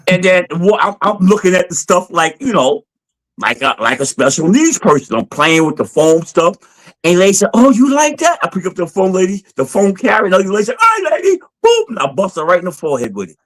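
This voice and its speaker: A man's voice: sits high, brisk. A middle-aged man on a live panel show, telling a long story in casual chat and acting out the voices of the people in it. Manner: animated storyteller, acts out quoted voices.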